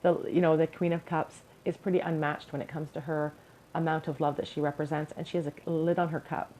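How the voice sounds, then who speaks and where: A woman's voice: deep voice, little pitch movement, brisk, mellow, slight background noise, poor audio. A young woman giving an encouraging, earnest pick-a-card tarot reading to her viewers. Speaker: tarot reader.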